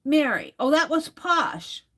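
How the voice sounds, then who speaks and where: A woman's voice: high-pitched, big pitch swings, slow, a bit bright. A woman hosting a crafting livestream, chatting casually and reading viewer comments aloud as she works.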